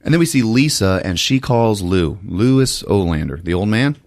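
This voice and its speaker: Animated man recapping a film. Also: fairly low pitch, moderate pace, no room sound, clean studio sound. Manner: animated storyteller, laughs often. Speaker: podcast host.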